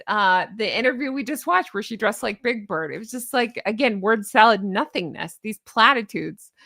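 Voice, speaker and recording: A woman's voice: fairly high pitch, fairly bright tone, no echo, clean studio sound. A woman hosting a casual reaction commentary, chatty and sarcastic, laughing at her own jokes. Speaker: YouTube commentary host.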